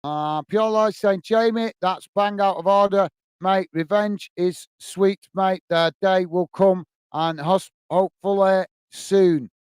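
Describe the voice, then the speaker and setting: On his football live stream, this man speaks slowly in a high voice that's darkish, clear and resonant, with fairly even intonation and no echo. Casual in manner, he reads viewers' comments aloud, says "mate" a lot, and fills his speech with fillers and restarts.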